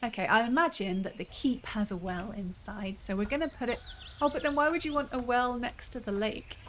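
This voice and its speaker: A woman's voice: on the high side, fairly quick, fairly bright tone, slight background noise. A woman streaming a cozy building game, chatting with viewers and thinking aloud as she plays. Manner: chatty, musing aloud, frequent laughs. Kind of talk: casual gameplay commentary. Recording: game music playing behind.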